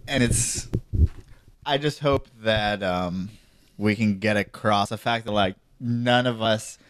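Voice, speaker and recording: Easygoing male podcast host, low, smooth voice, relaxed chat. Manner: easygoing, drawn-out, lots of "you know". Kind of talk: casual chat.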